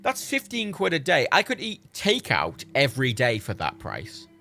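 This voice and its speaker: A man's voice: mid-range voice, huge pitch swings, moderate pace, vocal fry, pushed and bright, faint music behind. A British man chatting on a live game stream, swearing and laughing in disbelief. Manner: sweary, exasperated, laughs often.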